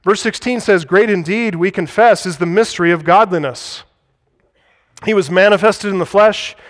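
A man's voice: high voice, fairly bright tone, long reverb tail. A man preaching an expository sermon as pastor, with an earnest, emphatic cadence.

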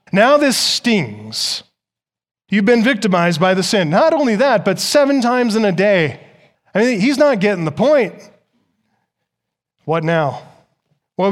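A man preaching a sermon as pastor, emphatic and full of rhetorical questions, rising loud and dropping soft. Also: high voice.

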